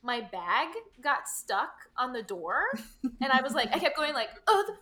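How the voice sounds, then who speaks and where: A woman with a high, bright voice chatting on a podcast. She tells her story with life and acts out the lines people said. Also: unhurried. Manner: animated storyteller, acts out quotes. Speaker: podcast guest. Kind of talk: casual chat.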